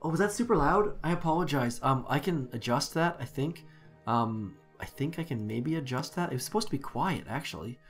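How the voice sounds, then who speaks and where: A man's voice: mid-range voice, lively intonation, brisk, soft background music. A man commenting casually on a live game stream, rambling and correcting himself as he talks to his chat.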